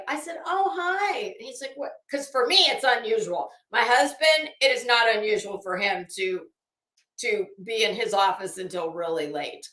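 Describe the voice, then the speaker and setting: A tired woman rambles through a casual chat, restarting her sentences often. Her voice is bright and a little high, and she talks slowly. The room is echoey. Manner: rambling, chatty, with many restarts and fillers. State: tired and groggy. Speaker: host.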